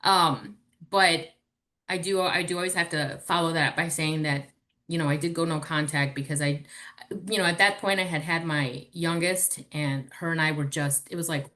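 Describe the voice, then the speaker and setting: A woman in her forties appears as a podcast guest, telling personal stories in casual chat with candid, animated energy and plenty of swearing. She has a deep voice and speaks at a normal speed.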